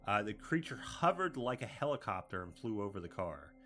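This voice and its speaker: Bright-voiced man reading cryptid notes. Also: on the low side, brisk. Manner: reads notes with frequent uh fillers, animated asides. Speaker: podcast co-host. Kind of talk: casual chat and reading sightings.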